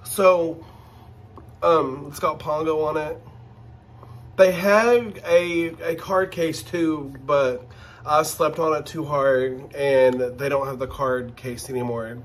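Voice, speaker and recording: A man hosting a casual unboxing vlog, gushing and excitable as he talks straight to his viewers. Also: on the high side, slow. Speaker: channel host.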